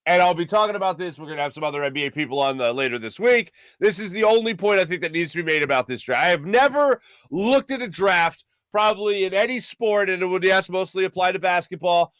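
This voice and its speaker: A man's voice: fast, few pauses, no room sound. Emphatic, opinionated male sports talk host. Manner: opinionated, emphatic, animated swings in pitch. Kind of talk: solo sports radio monologue.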